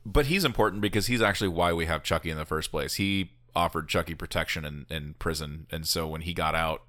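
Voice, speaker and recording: Deep-voiced man explaining plot details. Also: fairly quick, a bit bright, no echo, studio quality. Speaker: podcast co-host. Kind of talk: casual chat.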